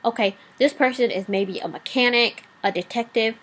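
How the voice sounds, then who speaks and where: A woman's voice: fairly high pitch, moderate pace, fairly bright tone, rough recording. A woman vlogger delivering a blunt, profanity-laced rant, rambling with asides and fillers.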